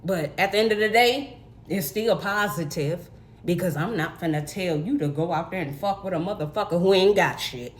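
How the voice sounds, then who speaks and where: A woman's voice: lowish voice, normal speed. Blunt, profane woman ranting. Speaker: vlogger. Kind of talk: casual storytime rant.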